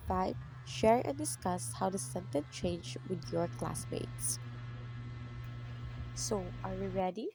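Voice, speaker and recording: A woman's voice: medium pitch, creaky, dark tone, rough recording. A young woman reads out her lesson presentation as a student teacher, going through numbered steps and questions. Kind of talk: reading a prepared lesson presentation.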